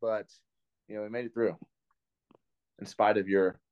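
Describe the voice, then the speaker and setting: A man's voice: on the low side, flat delivery, moderate pace, clear, resonant tone, narrow, tinny audio. A man co-hosting a podcast in casual, teasing banter. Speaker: podcast co-host.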